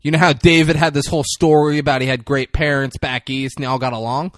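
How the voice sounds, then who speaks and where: A man hosting a podcast, casually recapping a movie scene by scene with lively, profane storytelling. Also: on the high side, fast, no room sound, clean studio sound. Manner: animated storytelling, swears freely, acts out characters' lines. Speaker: podcast host.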